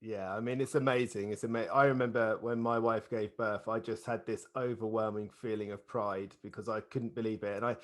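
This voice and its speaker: A man's voice: on the low side, fairly even intonation, a little fast, hardly any pauses. A middle-aged man hosting a podcast interview, often stumbling over and repeating his words and laughing. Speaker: podcast host.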